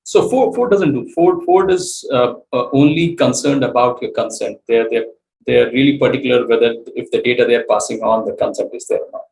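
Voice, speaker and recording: A man, a startup CEO, explaining his business in an interview, halting with many fillers and restarts. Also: medium pitch, creaky, darkish tone, low-quality recording. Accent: Indian English.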